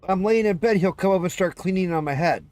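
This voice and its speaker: Fast-talking, with a high-sitting, darkish voice and no room sound, a man chats casually on a live stream. He rambles through long stories about his pets, swears freely, and slips into cat meows and dog impressions.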